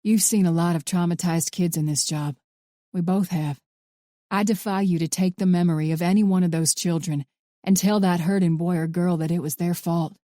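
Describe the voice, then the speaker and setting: A woman's voice: fairly low pitch, steady tone, normal speed, dark tone, no echo, studio quality, close to an everyday voice. A woman voicing a protective male FBI agent. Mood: tender.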